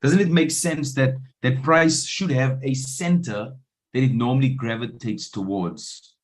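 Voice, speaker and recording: Trading coach checking in with listeners. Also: male voice, medium pitch, unhurried. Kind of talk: live trading room teaching. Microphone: video call.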